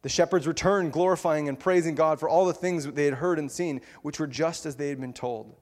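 A man preaches with a high, light voice that carries through a hall with long reverb. He tells his story playfully and with animation, breaking into laughter as he goes. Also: fairly quick, a little mellow. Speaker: pastor. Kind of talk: sermon.

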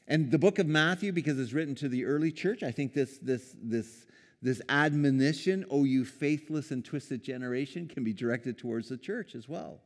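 A man delivers a sermon in a relaxed, conversational tone, with his voice neither high nor low. He livens up when quoting and chuckles now and then. His voice carries a long reverb, as if filling a large church hall. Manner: conversational, animated when quoting, with small laughs and restarts. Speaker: pastor.

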